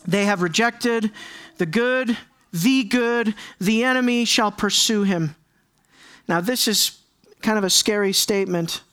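A man's voice: sits high, unhurried, a bit bright, smooth. A man preaching a sermon in an earnest way, often repeating key phrases for emphasis. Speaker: pastor.

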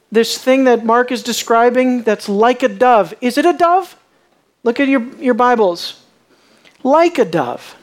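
Delivering a sermon in a medium-pitched voice, a preacher questions those listening and repeats words mid-thought. Some lines drop to a hush while others rise with strong emphasis.

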